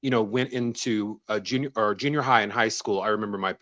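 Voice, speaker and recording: A man's voice: fairly low pitch, fairly quick, no room sound, lo-fi sound. A man from the American South, a guest telling stories in casual conversation, laughing often. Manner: laughs often, relaxed storytelling.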